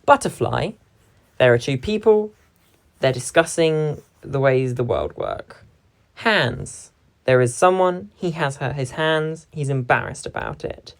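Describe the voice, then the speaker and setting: A woman's voice: extremely low pitch, expressive, a little slow, vocal fry. A young woman, a drama performer, giving a reflective talk about how a stage scene is split between actors. She is analytical and stresses key words when she quotes lines.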